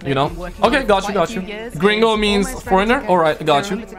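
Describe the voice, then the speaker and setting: Joking streamer, higher voice. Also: male voice, animated, brisk, music in the background. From Pakistan. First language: Urdu. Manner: joking, rambling, playful slang. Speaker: livestreamer. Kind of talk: casual live-stream chat, reading viewer comments aloud.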